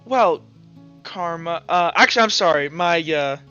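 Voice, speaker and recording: Handsome smirking lord, put on by a man, dry and teasing, bright tone, faint music bed. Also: on the high side, animated, normal speed, clear, resonant tone. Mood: inquisitive. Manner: dry, teasing, lightly amused. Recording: muffled audio with background music.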